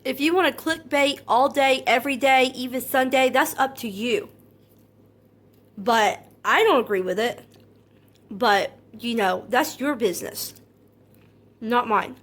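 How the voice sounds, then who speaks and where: A woman content creator talking straight to her viewers in a personal monologue, earnest and hurt, calm but anxious, often repeating herself. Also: a little high. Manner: calm and measured, not loud.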